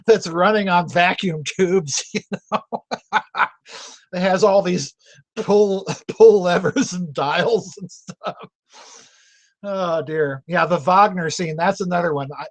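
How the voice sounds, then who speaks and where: A man with a high-sitting, fairly bright voice hosts a video chat for members. He talks casually and mocks himself, laughing often and repeating words as he goes.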